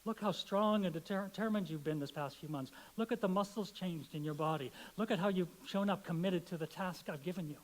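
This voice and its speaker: A loud, commanding divine voice, as a preacher puts it on in a sermon story. It booms high and strong. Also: male voice, a little fast, few pauses, lightly acted, poor audio. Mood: insistent. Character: booming divine voice from a dream.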